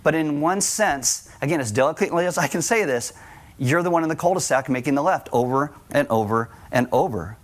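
Middle-aged male pastor, conversational sermon with humor, slightly higher voice. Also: expressive, brisk. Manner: conversational, joking asides to the congregation.

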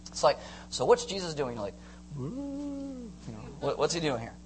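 A man preaching a sermon to a congregation, animated, acting out scenes and joking with the crowd. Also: mid-range voice, quick pace, a little hiss or hum. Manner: animated, acts out screams and jokes with the congregation. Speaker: pastor.

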